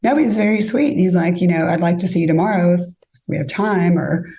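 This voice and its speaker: A woman's voice: fairly low pitch, brisk, warm tone, a little hiss or hum. A woman telling a dating story in casual chat, acting out both sides of each exchange. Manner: chatty, acts out both sides of conversations. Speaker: guest storyteller.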